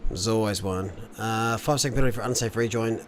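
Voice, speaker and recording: A man's voice: fairly low pitch, a little fast, slight background noise. Chatty man commentating. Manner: chatty, joking, giving advice. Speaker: race commentator. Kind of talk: casual esports race commentary.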